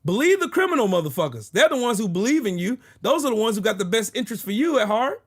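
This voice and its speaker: Quick and very animated, this high-pitched man hosts his own political commentary channel. His video is an angry, profane, sarcastic rant in which he hammers home short phrases by repeating them.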